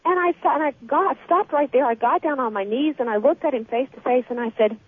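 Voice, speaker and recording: A woman guest telling a story with lively, animated energy in a radio interview, heard over the phone. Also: high-pitched, brisk, breathy edge, dry recording. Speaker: guest author. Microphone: telephone. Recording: tinny phone line.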